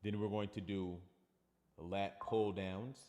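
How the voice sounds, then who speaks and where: A man's voice: on the low side, fairly even intonation, slow, darkish tone, long reverb tail. A man with a New York accent, a fitness coach chatting casually on a livestream and reading viewer comments aloud.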